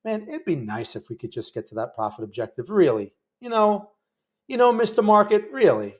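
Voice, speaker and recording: A man's voice: sits high, sing-song, brisk. A man hosting a live day trading stream, chatting wryly with viewers about the trades he is making. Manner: chatty, wry, talks to viewers while trading. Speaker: day trading livestream host.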